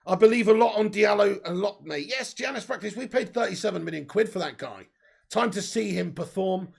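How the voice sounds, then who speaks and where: A man with a sore throat, hosting a live football watch-along and reading out viewer comments in an excitable way. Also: sits high, fairly quick, vocal fry, slightly rough. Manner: excitable, swears, bursts into cheers.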